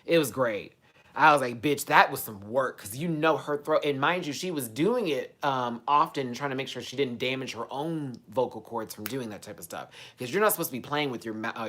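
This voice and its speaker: Talking with her viewers in a loose, chatty way, the woman hosting the stream veers from excited exclamations to muttering under her breath.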